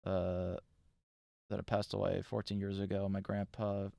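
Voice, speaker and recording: A man's voice: low-pitched, monotone, moderate pace, creaky, dark tone, dry recording, clean studio sound. A man in his thirties hosting a live stream, chatting loosely and reacting with profane asides. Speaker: streamer host.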